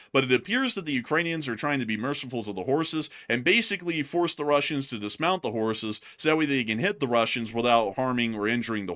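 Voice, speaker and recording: Bright-voiced male news commentary host. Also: medium pitch. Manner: chatty, laughs often, fillers.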